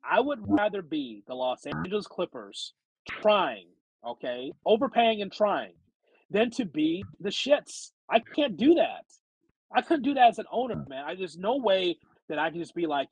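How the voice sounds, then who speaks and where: A man rants animatedly on a sports podcast, acting out mocking little quotes. His voice sits high and gravelly, with a husky edge. The sound is dry and close. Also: moderate pace, no echo, low-quality recording. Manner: animated, ranting, acts out mock quotes. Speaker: sports radio co-host. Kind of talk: casual sports podcast banter.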